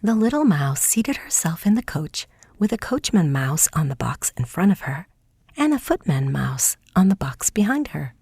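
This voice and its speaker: A woman narrating a folk tale audiobook in a soft, hushed, scripted reading. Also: sits low, big pitch swings, normal speed, breathy edge, no echo, studio quality.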